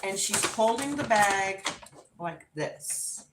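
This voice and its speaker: A woman's voice: mid-range voice, lively intonation, slow, noisy background. A woman hosting a live stream, telling a story casually and with animation, laughing and acting out voices. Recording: roomy echo.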